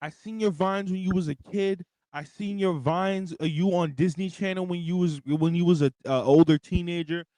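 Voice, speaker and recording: A young man co-hosting a wrestling podcast, ranting in an animated, profane way. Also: high-pitched, moderate pace, hardly any pauses, no room sound. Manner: animated, profane, reads out superchats. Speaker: podcast co-host. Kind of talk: casual wrestling podcast rant.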